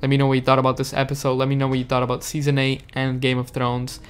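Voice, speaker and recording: A man from the United States reviewing a show in a casual, frustrated rant, swearing and sounding dejected. His voice stays flat in pitch but comes across smooth and clear. He keeps circling back with restarts as he vents. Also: fast. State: upset, dejected. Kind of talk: casual video commentary.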